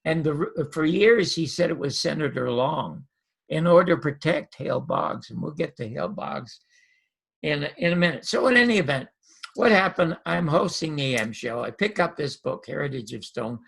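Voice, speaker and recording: A man's voice: a little high, normal speed, creaky, husky. An older man, a former comedian and TV host, telling stories in an interview and acting out the dialogue. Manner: lively anecdotal storyteller, acts out dialogue. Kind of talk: animated storytelling interview.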